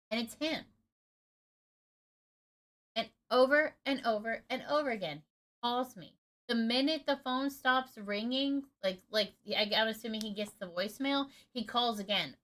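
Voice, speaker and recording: Blunt, bright-voiced woman telling a story. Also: fairly high pitch. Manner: candid and blunt, swears freely. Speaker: gaming streamer. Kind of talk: casual storytelling.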